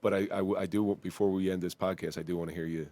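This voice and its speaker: A man's voice: low-pitched, level tone, fast, mellow, dry recording. A man with a New Jersey accent hosting a podcast, asking questions and teasing his guest. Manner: joking, asks questions. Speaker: podcast host. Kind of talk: casual interview chat.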